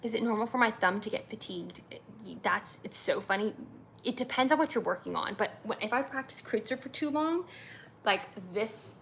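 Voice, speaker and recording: A chatty woman from America, a violinist, answers live questions from viewers with plenty of ums and likes. Her voice is bright and forward, and she sits in the middle of a woman's range. She sounds eager and easygoing. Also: mid-range voice, slight background noise. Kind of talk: casual livestream Q&A.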